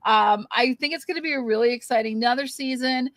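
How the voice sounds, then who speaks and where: A woman's voice: a little high, fast, fairly bright tone, no room sound. A woman hosting a fan podcast, wrapping up in a chatty, rambling way with plenty of ums and thank-yous. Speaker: podcast host. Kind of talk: casual show wrap-up chat.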